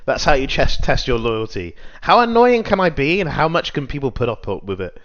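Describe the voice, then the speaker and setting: A man's voice: medium pitch, very animated, fairly quick, a bit bright, dull audio. A man streaming and chatting casually, teasing and laughing defensively during an argument.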